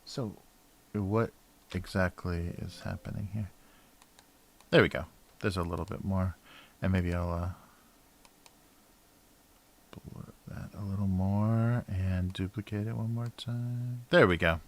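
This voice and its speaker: A cartoonist talking casually to a livestream as he draws, often mumbling to himself and trailing off with soft laughs. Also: low voice, fairly even intonation, takes it slowly, vocal fry, slight background noise. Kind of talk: casual chat while drawing.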